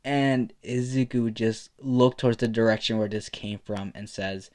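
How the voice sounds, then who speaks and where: A man's voice: on the low side, flat delivery, moderate pace, darkish tone. A man improvising a fan-fiction story aloud in a loose, rambling way, full of fillers.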